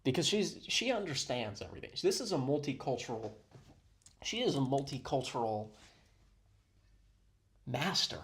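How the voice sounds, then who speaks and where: A man's voice: mid-range voice, very animated, moderate pace, long pauses, fairly bright tone. A man giving sarcastic, mock-serious commentary on a video he is playing. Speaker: reaction commentator.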